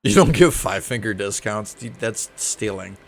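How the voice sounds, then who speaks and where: A man's voice: fairly low pitch, lively intonation, moderate pace, creaky. A man streaming a video game, laughing and making mocking asides to the characters. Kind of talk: gameplay commentary.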